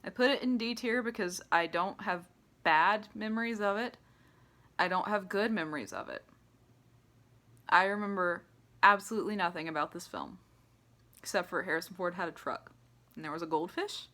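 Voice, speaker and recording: Young woman, lowish pitch, offhand sarcastic movie-review chatter with frequent laughs. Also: moderate pace, long pauses, pushed and bright. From United States. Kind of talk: casual ranking commentary.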